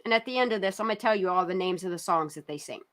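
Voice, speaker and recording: A woman's voice: fairly low pitch, expressive, very fast, fairly bright tone, a little hiss or hum. A woman hosting a casual true-crime commentary, talking bluntly and sarcastically, with profanity, over a video she is playing. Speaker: channel host.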